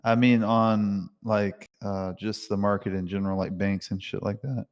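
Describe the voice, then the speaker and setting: A man ranting excitedly and swearing a lot while chatting on a live voice call. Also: on the low side, moderate pace, big-room sound, highs cut off. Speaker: caller in a live voice chat. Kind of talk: casual chat.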